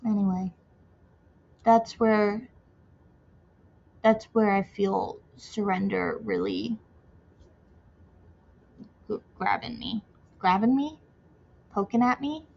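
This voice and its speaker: A tired woman in a casual faith vlog, rambling and restarting her sentences, trailing off softly at times. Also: medium pitch, big pitch swings, slow, gravelly, long pauses. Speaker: vlogger. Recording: dull lo-fi home recording with faint noise.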